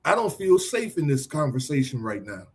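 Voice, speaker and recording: A man's voice: on the high side, sing-song, moderate pace, a little mellow, voice pushed down. A man reading the part of a defensive husband who deflects blame with therapy words. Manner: reads the lines plainly, scripted. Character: defensive husband hiding behind therapy talk.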